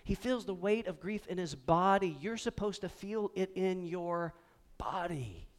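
A man preaching a sermon to a live congregation with a high, smooth, resonant voice. He drives his points with energy and has the crowd repeat key words back to him. It is a spirited pulpit delivery. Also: a little slow. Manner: animated preaching with call-and-response to the congregation. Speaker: pastor. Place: church sanctuary before a congregation.

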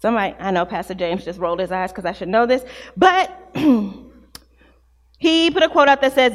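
A woman in her thirties, a pastor, preaching an animated sermon full of acted-out stories. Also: mid-range voice, moderate pace, long pauses, big-room sound. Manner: animated, storytelling with acted-out quotes.

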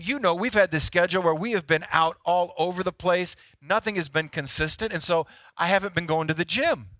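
Male pastor, sermon, chatty and self-deprecating, sharp tone in a dry room. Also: sits high, no room sound. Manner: conversational, self-deprecating storytelling.

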